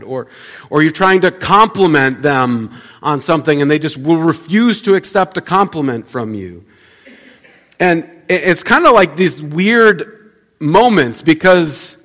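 A pastor giving a conversational sermon, often restarting and repeating words. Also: male voice, on the high side, a bit bright, in a large hall.

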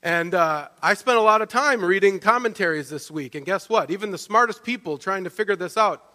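A man preaching a sermon, telling the story in a lively way and often checking in with "right?". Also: high voice, fairly quick. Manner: animated storytelling, with frequent restarts and "right?" asides. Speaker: pastor. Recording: long reverb of a large hall.

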